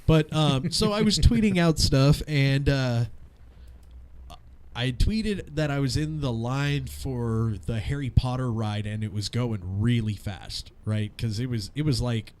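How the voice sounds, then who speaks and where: A man's voice: medium pitch, a little slow. A man in his thirties co-hosting a casual radio show, telling stories in a profane, laughing way. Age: 30s. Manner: profane, laughing, animated storyteller. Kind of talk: casual podcast banter.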